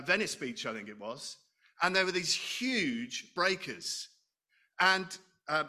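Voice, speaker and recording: A middle-aged man gives a conversational sermon in a high-pitched, bright, forceful voice. He addresses questions to the congregation and often jokes about himself.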